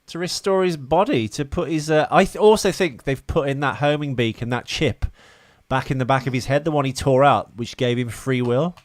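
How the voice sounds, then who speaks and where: A man's voice: mid-range voice, normal speed, no room sound. A man in an easygoing podcast chat about movies. He rambles and circles back, stacking up fillers and false starts as he thinks aloud. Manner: rambling, hesitant, lots of uh and restarts. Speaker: podcast co-host. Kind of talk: casual film chat.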